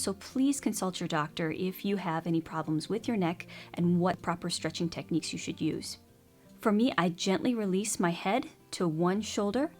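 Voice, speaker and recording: Calm woman guiding a singing warm-up. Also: mid-range voice. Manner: calm, gentle, guiding instructions. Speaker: singing teacher. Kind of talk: instructional warm-up lesson.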